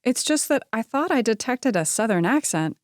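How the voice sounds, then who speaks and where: A woman reading the part of a curious young woman who asks lively questions and is a little wary. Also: on the high side, normal speed, no room sound, clean studio sound, voice pushed up.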